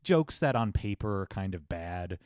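A man with a fairly low voice co-hosting a casual podcast. He is relaxed and reflective, and he talks through his ideas at length. The recording is close and dry. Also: normal speed, clean tone, no room sound. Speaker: podcast co-host. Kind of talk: casual chat.

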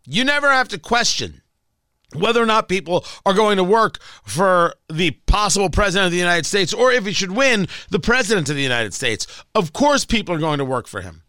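Male talk radio host, high and animated delivery, bright tone, dry studio sound, sarcastic and combative. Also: a little fast, no echo. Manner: combative, sarcastic, emphatic repetition. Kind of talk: opinionated political talk radio monologue.

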